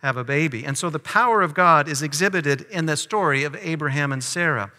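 A man's voice: a little high, a little fast, sharp tone, long reverb tail. A man preaching a sermon, reading scripture aloud and asking his listeners teaching questions. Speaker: pastor.

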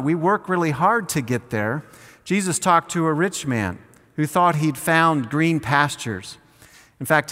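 Earnest preacher in a reverberant hall. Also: male voice, on the high side, fairly bright tone. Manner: earnest preaching, slows on key phrases, leads congregation in repeating lines. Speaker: pastor. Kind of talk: sermon.

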